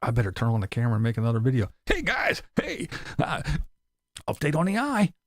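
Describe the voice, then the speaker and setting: A man's voice: mid-range voice, huge pitch swings, a little fast, no room sound, studio quality. A man mocking someone by putting on the voice of a whiny, self-pitying older van dweller who complains and curses. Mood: complaining.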